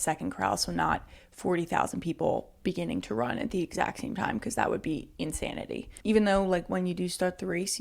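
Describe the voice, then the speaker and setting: A young woman with a lowish, gravelly voice talks casually as a podcast co-host. Her speech is loose and chatty, full of "like" fillers, and she often breaks into small giggles. The tone stays relaxed and conversational. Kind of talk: casual chat.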